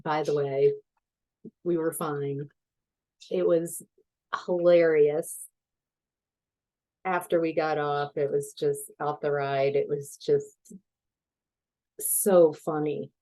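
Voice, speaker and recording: A woman tarot reader in a relaxed, chatty reading, telling a story and laughing easily. Her voice sits a little low, with a warm, mellow tone and an unhurried pace. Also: rough recording.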